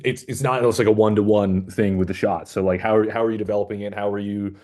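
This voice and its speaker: A man's voice: on the low side, steady tone, quick pace, a little mellow. A man interviewing a filmmaker in a casual, rambling chat full of fillers. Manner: chatty, rambling with many fillers. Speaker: festival programmer interviewing a filmmaker.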